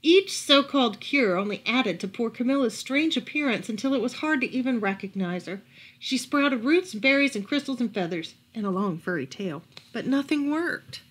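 A woman reading a picture book aloud at a library storytime, expressive and lively. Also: on the high side, normal speed.

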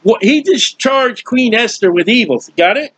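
A man's voice: very high voice, animated, moderate pace, fairly bright tone, breathy edge, dry recording. A man teaching through a Bible passage in a conversational way, explaining with everyday comparisons and often restarting his sentences. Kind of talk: informal verse-by-verse Bible teaching.

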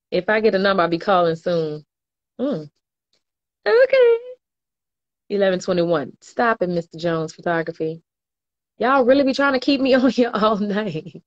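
A woman's voice: mid-range voice, normal speed, muffled recording. A woman, chatting casually on a livestream and reading viewer comments aloud with slangy laughter. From New Orleans, US. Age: 20s. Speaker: livestream host.

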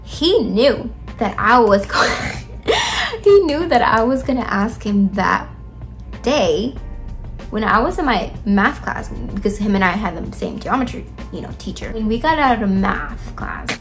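A woman's voice: medium pitch, lively intonation, a little slow, music in the background. A young woman telling a rambling, chatty story about her school days while doing her makeup, full of fillers, recorded close on a phone indoors. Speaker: vlogger.

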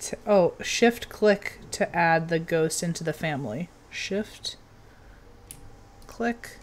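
A young woman giving casual commentary while playing a game, chatty and given to sudden excited outbursts. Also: sits low, unhurried. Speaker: game streamer.

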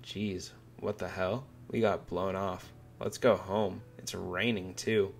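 A man's voice: low voice, steady tone, slow, creaky, heavily acted. A man reading as a stern scolding teen boy. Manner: read aloud from a manga, barely acted.

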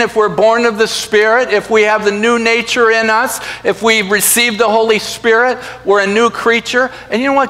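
A man preaching a sermon as pastor, lively and humorous, with sudden loud emphasis. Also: high voice, in a large hall. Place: church sanctuary.

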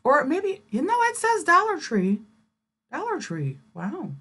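A woman's voice: high voice, huge pitch swings, measured pace, a bit bright. A woman giving sarcastic, incredulous reaction commentary on a video.

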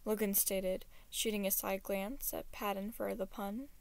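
A woman reading a fan story aloud in an unhurried, expressive way. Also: medium pitch, vocal fry. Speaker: fan-fiction reader. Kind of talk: audiobook-style story reading.

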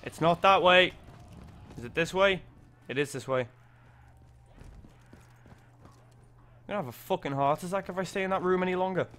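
A young man, giving excitable, sweary gameplay commentary, yelping when startled. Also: high voice, moderate pace, pauses often. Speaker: gaming video creator.

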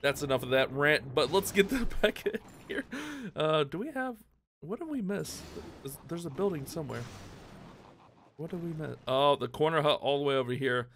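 A man giving rambling, self-mocking commentary on his own gameplay for a video, with excited outbursts. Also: on the high side, normal speed, a little hiss or hum. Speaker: gaming YouTuber.

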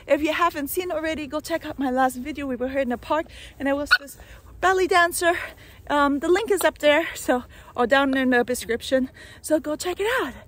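A woman vlogging in a sunny park with her parrots, talking in a bubbly, excitable way. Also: high voice, a little fast. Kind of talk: casual outdoor vlog.

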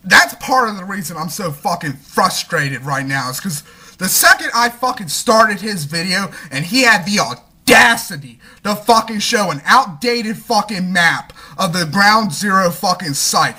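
A young man ranting angrily into his camera, swearing constantly and talking fast, with a husky voice. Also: high-pitched, big pitch swings, bright, forceful tone. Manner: heavy swearing, fast angry talk. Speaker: vlogger. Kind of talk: angry rant.

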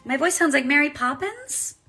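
A woman's voice: sits high, sing-song, normal speed, sharp tone, soft background music. A woman in her forties, a voice actress chatting casually on a live stream while signing autographs and reading fan comments aloud. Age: 40s.

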